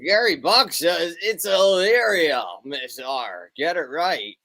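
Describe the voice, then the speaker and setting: A man's voice: fairly high pitch, animated, slow, vocal fry, pushed and bright, full character voice. A man playing a drawling dude character. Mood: laid-back. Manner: drawling, calls everyone dude and bud. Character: slacker male memorabilia dealer who says dude. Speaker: recurring comic character. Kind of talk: comic sketch.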